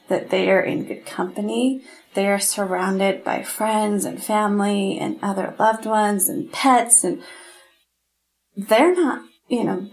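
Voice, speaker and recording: A middle-aged woman appears as a podcast guest, earnestly and heartfeltly recounting a painful personal story in candid interview style. Her voice sits in the mid range with a creaky quality, and the audio is poor.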